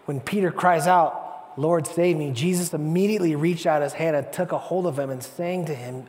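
High-voiced pastor preaching in a church. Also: male voice, normal speed, in a large hall. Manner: animated storytelling, acting out voices. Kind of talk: sermon.

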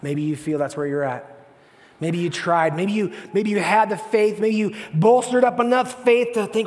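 High-voiced pastor preaching in a church. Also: male voice, normal speed, big-room sound. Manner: animated storytelling, acting out voices. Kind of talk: sermon.

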